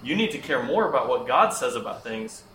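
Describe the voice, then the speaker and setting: Guy teaching a kids bible class, keeps asking them questions, bright voice, roomy echo, faint hum behind. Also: mid-range voice, big pitch swings, fairly quick. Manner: asks the class questions and repeats their answers.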